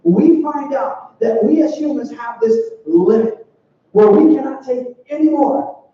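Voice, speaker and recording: High-voiced young man preaching in roomy hall. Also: lively intonation, a little slow, warm tone. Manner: conversational, acts out quoted voices. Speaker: youth pastor. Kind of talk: sermon to a youth group. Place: church hall. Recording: far, dull and roomy hall sound.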